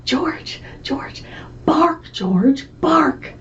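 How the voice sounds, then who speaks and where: A woman voicing a patient, worried mother dog, coaxing slowly and with emphasis, recorded on a distant, muffled mic. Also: high-pitched, animated, whispered, exaggerated voice.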